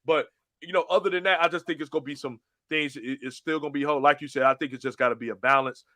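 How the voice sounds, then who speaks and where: 남자 밝고 건조한 목소리로 생생하게 이야기하는 토크쇼 진행자. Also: male voice, fairly high pitch, fast talker, no room sound. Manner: animated storytelling, acts out phone menus. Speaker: show host. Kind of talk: casual podcast chat.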